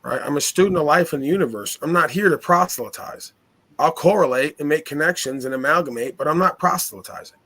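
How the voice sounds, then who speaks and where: A man's voice: a little high, quick pace, pushed and bright. A man hosting a podcast, talking philosophically in earnest, probing rhetorical questions. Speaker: podcast host. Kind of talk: casual philosophical chat.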